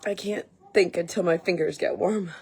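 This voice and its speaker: A woman's voice: lowish voice, steady tone, moderate pace, dark tone, breathy edge. A woman livestreaming on her phone, out of breath and chatting with her viewers. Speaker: vlogger. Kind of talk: casual livestream chat. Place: outdoors in a snowstorm, then indoors at home. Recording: phone mic with wind noise. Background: wind and noise.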